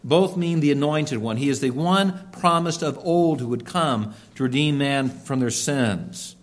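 Man, pastor, earnest sermon, emphatic, mid-pitched voice. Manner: earnest, emphatic preaching with slowed stresses.

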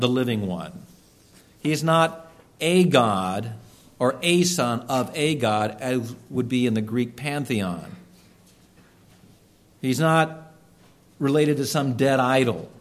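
A man preaching a sermon, earnest and emphatic, slowing down to stress key words. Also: mid-range voice. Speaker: pastor.

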